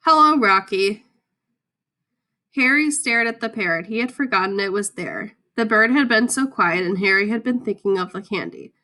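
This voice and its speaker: A woman reading a children's story aloud, with clear, expressive storytelling. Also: mid-range voice, brisk, few pauses.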